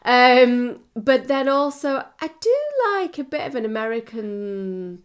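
A woman's voice: fairly high pitch, unhurried. A woman co-hosting a podcast in casual chat. Her voice sounds nasal and blocked up from a cold, and she talks candidly, giggles often and uses lots of fillers. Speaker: podcast co-host.

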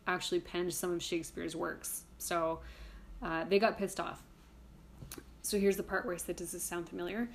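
A woman's voice: mid-range voice, a little hiss or hum. A woman hosting a casual history podcast, chatty and irreverent, swearing casually while reading from her notes. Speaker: podcast host.

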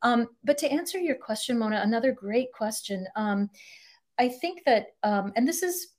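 A woman's voice: a little high, animated, normal speed. A middle-aged woman, a couples therapist, explaining ideas in a podcast interview and acting out example quotes.

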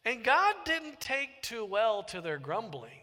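A man delivers a sermon in a high, ringing voice. He is animated and jokes often, and he slips into little character voices for his stories. His words carry a long reverb from a large hall. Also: unhurried. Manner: animated, joking, acts out voices. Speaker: pastor.

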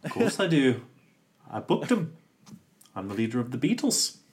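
A man's voice: mid-range voice, very animated, moderate pace, pitched above the performer's own voice, natural voice. A man putting on a Liverpool accent to play a boastful sixties rock musician as a joke impression. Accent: put-on Liverpool. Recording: noisy podcast recording.

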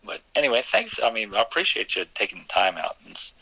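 A man's voice: on the low side, sing-song, quick pace, vocal fry, bright, forceful tone, slightly rough, no room sound, low-quality recording. A man from Maryland with a slight Southern Maryland twang, a country singer guesting on a radio show. He talks in an easygoing way and laughs often. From Maryland, USA. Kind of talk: casual radio interview.

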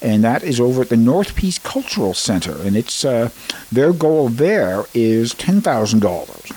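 A man's voice: mid-range voice, big pitch swings, normal speed, warm tone, a little hiss or hum, poor audio. A man hosting a community radio show, reading announcements and chatting in a rambling way with fillers and restarts in a studio. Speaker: radio host.

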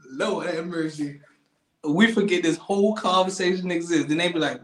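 A man's voice: high-pitched, normal speed, a bit bright, reverberant. A man co-hosting a casual chat, laughing often, repeating himself and acting out other people's lines. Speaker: podcast co-host.

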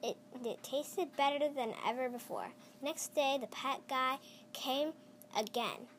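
A child reading a picture book aloud, slowly and with small stumbles and restarts. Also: sits high, a bit bright, a little hiss or hum. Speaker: storyteller.

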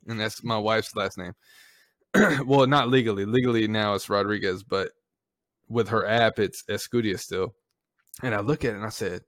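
A man hosting a casual podcast, telling stories with heavy swearing and lively ups and downs. His voice is recorded dry and close, with no room around it. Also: medium pitch, dry recording. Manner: animated storytelling, heavy cursing. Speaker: podcast host. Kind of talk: casual chat.

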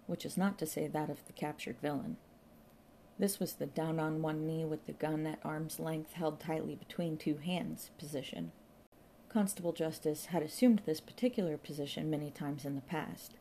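A woman narrating an audiobook in a wry, deadpan storytelling manner. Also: sits low, slight background noise. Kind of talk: scripted narration.

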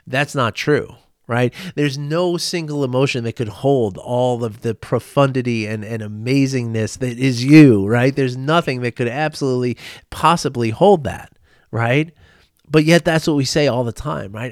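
A man's voice: medium pitch, moderate pace, no echo, studio quality. A man, a podcast host, casually teaching about emotions and mindfulness, often restarting his sentences and tagging them with "right?" for his listeners. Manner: rambling, self-correcting, frequent "right?" tag questions.

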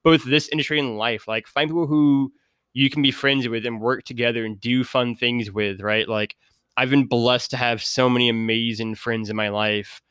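A man's voice: medium pitch, steady tone, normal speed, a bit bright, smooth, no echo. A man talking as a guest on a podcast in a rambling, casual way, full of "like" fillers.

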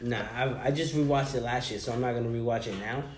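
A man's voice: medium pitch, steady tone, fast. A young male comedian co-hosting a casual podcast, blunt and teasing, swearing and calling people bro. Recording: roomy echo with faint noise.

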